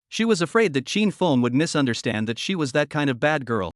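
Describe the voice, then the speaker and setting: A man narrating a scripted story recap in an even, matter-of-fact reading. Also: fairly high pitch, a little fast, few pauses, no room sound, clean studio sound.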